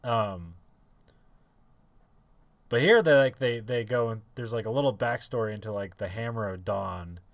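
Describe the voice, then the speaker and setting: A man's voice: fairly low pitch, moderate pace, vocal fry, long pauses, no echo. A man co-hosting a podcast in casual chat, rambling with many fillers and restarts and laughing often. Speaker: podcast co-host.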